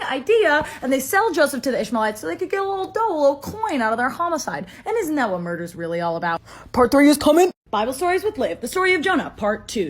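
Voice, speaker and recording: A young woman telling comedic stories in a goofy, deadpan, slang-filled way. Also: fairly high pitch. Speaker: comedy creator. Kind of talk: comedic sketch monologue.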